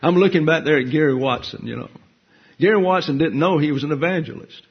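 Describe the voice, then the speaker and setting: A man's voice: fairly high pitch, quick pace, husky, highs cut off. A man preaching a folksy, humorous sermon as a pastor teacher, with joking asides. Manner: humorous, conversational, self-deprecating asides.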